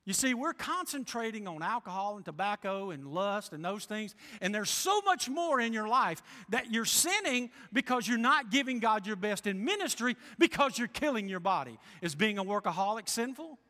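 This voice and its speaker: High-voiced preacher in a church hall. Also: male voice, sing-song, normal speed, hardly any pauses, sharp tone. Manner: folksy preaching, acts out voices. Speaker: pastor. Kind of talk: sermon.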